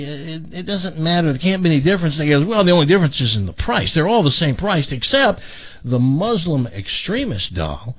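A man on talk radio tells a long joke with lots of rise and fall in his voice, slipping into the characters' lines. His voice sits a little high for a man. The broadcast sound is dull and lo-fi. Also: brisk, hardly any pauses. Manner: animated joke-telling, voicing characters in quotes. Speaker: radio show host. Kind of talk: telling jokes on talk radio.

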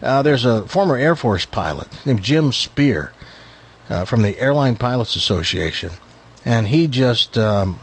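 A man hosting a talk show, chatting casually and telling jokes in an animated, incredulous manner, often repeating words. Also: medium pitch, unhurried, husky. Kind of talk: casual chat and joke telling.

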